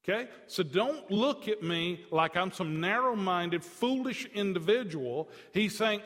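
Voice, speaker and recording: A man preaching a sermon as pastor, earnest and animated, acting out the scripture quotes as he goes. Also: sits high, a little slow, hardly any pauses, in a large hall. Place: church sanctuary.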